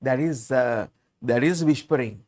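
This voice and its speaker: A man's voice: medium pitch, measured pace, darkish tone. A man teaching English, reading a story aloud and patiently explaining words, often repeating and restarting.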